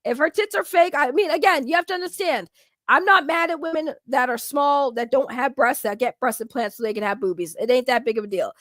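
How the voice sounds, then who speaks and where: Loud lady streamer, high voice, super dry close sound, laughing and yelling at chat. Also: brisk, no room sound. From Boston, Massachusetts. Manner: loud, excitable, laughs often, talks back to chat. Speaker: streamer reacting to videos. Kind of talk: casual reaction stream chat.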